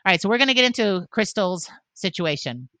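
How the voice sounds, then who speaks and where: A woman's voice: mid-range voice, very animated, a little fast, a bit bright, dry recording. A woman co-hosting a podcast, earnestly reading a listener's letter aloud. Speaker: podcast co-host.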